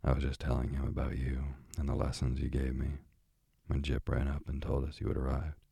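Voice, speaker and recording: A man voicing a kindly, absent-minded animal doctor in a calm bedtime story reading. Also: very deep voice, fairly quick, gravelly, husky, no echo, full character voice. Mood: mild.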